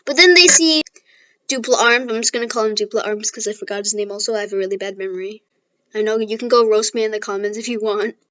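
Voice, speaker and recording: A woman's voice: fairly high pitch, fairly bright tone, dull audio. A woman casually retelling a fan story, chatty and self-deprecating.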